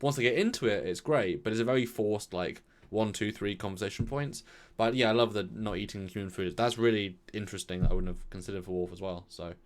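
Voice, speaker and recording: A man's voice: fairly low pitch, fast. A man co-hosting a review show, chatting casually and acting out quoted lines. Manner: chatty, repeats words, lively quoted asides. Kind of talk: casual episode review chat.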